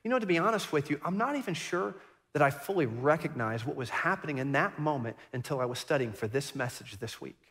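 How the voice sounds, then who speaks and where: A man's voice: fairly high pitch, expressive, brisk, fairly bright tone, long reverb tail. A middle-aged man, a pastor, preaching a sermon and telling a personal story in an earnest, reflective way, often repeating and restarting his words. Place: church sanctuary.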